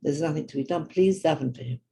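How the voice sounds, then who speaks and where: An older woman with a London accent tells true stories in an earnest, personal way, acting out the people she quotes along the way. Her voice is gravelly and mellow, with a warm, darker tone. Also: deep voice, quick pace, poor audio. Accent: London English. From grew up in London. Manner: earnest storyteller who acts out quoted people. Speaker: Jewish women's teacher and speaker. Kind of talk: personal storytelling talk.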